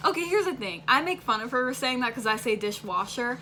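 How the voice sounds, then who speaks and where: A chatty woman from central Illinois with a fairly high, bright, forceful voice. She jumps into the conversation quickly and giggles often, with a little noise in the background. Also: lively intonation. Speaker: co-host. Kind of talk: casual chat.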